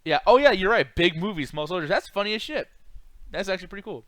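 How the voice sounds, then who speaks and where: A man's voice: high-pitched, expressive, fast, fairly bright tone, dry recording. Slangy young man chatting on a stream. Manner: loose, slangy, talks to chat, sing-song greetings. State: throat a bit rough. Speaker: streamer host. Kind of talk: casual live-stream chat.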